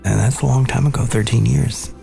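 Low gravelly guy, mellow dark tone, thoughtful storytelling podcast host, faint music behind. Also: steady tone. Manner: earnest, measured, recounting memories. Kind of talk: reflective storytelling conversation.

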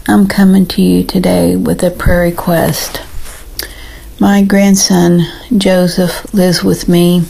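A woman's voice: on the low side, little pitch movement, slow pace, creaky, mellow, husky, rough recording. An older woman calling in with an earnest, pleading prayer request. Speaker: caller.

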